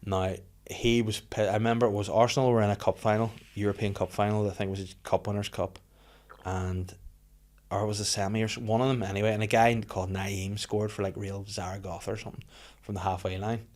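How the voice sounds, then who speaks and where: A man's voice: fairly low pitch, little pitch movement, fast, darkish tone. A man in his thirties, chatting on a podcast, swearing freely and acting out the people in his stories. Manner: swears a lot, acts out quoted people. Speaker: podcast host. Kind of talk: casual podcast chat.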